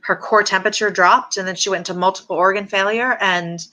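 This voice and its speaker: A middle-aged woman telling a personal story in an interview, halting with many fillers and restarts. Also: mid-range voice, steady tone, sharp tone. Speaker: interview guest.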